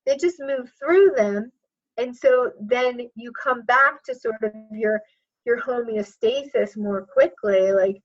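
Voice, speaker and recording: A woman's voice: on the high side, lo-fi sound. A woman coach as a podcast guest, reflective and chatty, with many fillers. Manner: reflective, speaks in quick bursts with many fillers like "like". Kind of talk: conversational interview.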